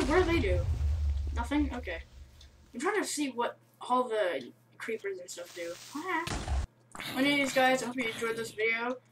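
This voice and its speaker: A young woman giving excitable, rambling let's-play commentary on her game, breaking into yelps. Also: a little high. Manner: excitable, rambling, bursts of yelling. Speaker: gamer. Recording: distant mic with faint hiss.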